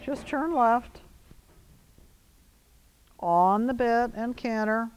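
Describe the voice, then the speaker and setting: A woman riding instructor coaching a rider in an arena, giving brisk commands mixed with encouragement. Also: a little high, smooth, rough recording.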